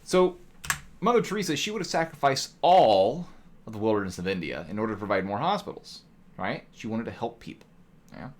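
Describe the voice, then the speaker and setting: A streamer teaching economics gives a loose, chatty lecture to his live chat, fond of rhetorical "right?" tags and mock voices. His voice is fairly low with big pitch swings, a little fast, over a slight hiss or hum.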